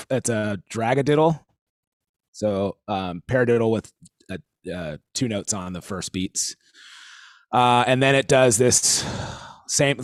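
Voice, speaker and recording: A man teaching a live online drum warm-up class, talking in a halting way full of fillers, counting in and singing rhythms aloud. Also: fairly low pitch, no room sound, clean studio sound.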